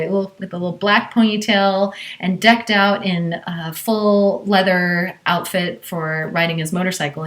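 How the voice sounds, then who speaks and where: A woman's voice: on the low side, a bit bright. A woman from Southern California telling a personal story in a conversational way, with many fillers.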